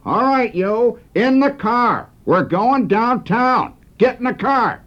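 Brief: a man shouting as a young rookie cop barking orders, voice jumped high and loud, with wide swings in pitch. Muffled, dull radio sound. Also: lively intonation, slow, full character voice. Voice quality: shouted, clipped commands. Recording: muffled old radio broadcast.

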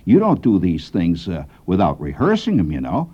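Brief: a man playing a father speaking low and hushed in a matter-of-fact way. The voice is a little husky, and the broadcast sounds dull. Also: wildly swooping pitch, normal speed, heavily acted. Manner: whispering confidentially. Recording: muffled old radio broadcast.

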